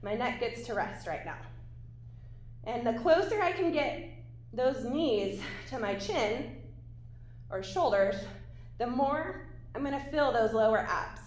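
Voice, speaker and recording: A woman's voice: on the high side, lively intonation, slow pace, long pauses, echoey room. A woman leading an ab workout, talking through each move while doing it and sometimes out of breath. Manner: encouraging, talks through exercises while doing them. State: out of breath at times. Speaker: fitness instructor. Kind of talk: workout instruction.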